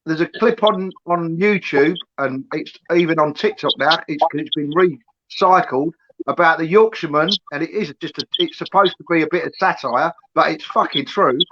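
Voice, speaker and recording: A man's voice: a little high, a bit bright. A middle-aged man talking in a blunt, sweary rant during a casual podcast chat. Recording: dull lo-fi with faint hiss.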